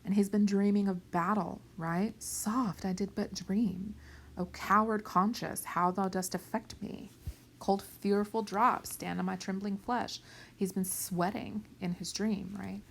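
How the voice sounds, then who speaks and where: Slow, gravelly woman teaching a play. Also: medium pitch, fairly even intonation, a little hiss or hum. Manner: explains plainly, often adds "right?" and "okay?", whispers some quoted lines. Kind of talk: lecture on a play.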